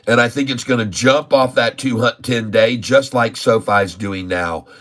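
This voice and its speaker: At a measured pace, a man with a mid-range, somewhat bright voice hosts a livestream about stock trading. He comments casually on the market, stresses and repeats his points, and keeps saying "folks" to the audience.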